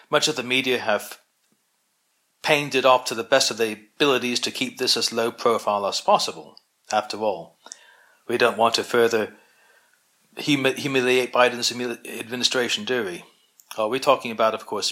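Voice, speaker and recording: A man's voice: medium pitch, a bit bright. A man hosting his own collection, reading an opinion essay aloud with wry, sardonic asides and the odd stumble over a word. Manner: occasional stumbles over words.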